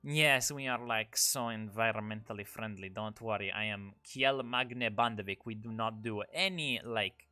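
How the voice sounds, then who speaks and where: A man's voice: on the low side, moderate pace, few pauses, sharp tone, no room sound, soft background music. A man putting on a mock to play a smug politician boasting about being green. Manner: exaggerated, self-congratulating.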